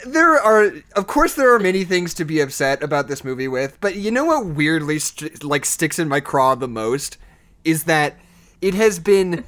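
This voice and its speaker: A man's voice: fairly high pitch, normal speed. A man hosting a casual film podcast, telling stories with joking exaggeration. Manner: animated, joking, tells stories with playful exaggeration. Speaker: podcast host. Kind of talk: casual chat.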